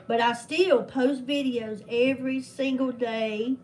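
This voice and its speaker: A woman's voice: sits high, steady tone, slow pace, a little mellow, poor audio. An older woman, hosting a casual livestream in a rambling, heartfelt way with folksy religious phrasing. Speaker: livestream host.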